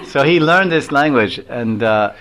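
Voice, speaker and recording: A man's voice: medium pitch, animated, unhurried, fairly bright tone. A man giving a devotional lecture as a swami. He tells stories in a rambling way, with many chuckles and acted-out quotes.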